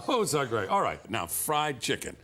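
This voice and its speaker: A man hosting a TV infomercial, demonstrating a kitchen product with an enthusiastic pitchman's delivery. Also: very animated, measured pace, background noise. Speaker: infomercial host. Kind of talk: scripted TV sales demonstration.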